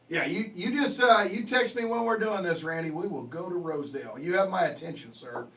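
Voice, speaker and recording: Far from the mic on a low-quality recording, a man hosts a livestream and trades profane jokes with viewers, laughing often as he answers their comments. His voice is high and fairly bright, moving at a normal speed.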